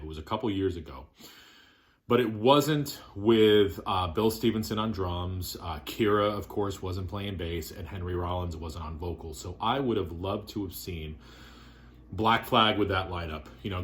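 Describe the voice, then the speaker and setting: A man vlogging casually about his favorite records, relaxed and rambling with lots of fillers. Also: low voice. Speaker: vinyl collector vlogger.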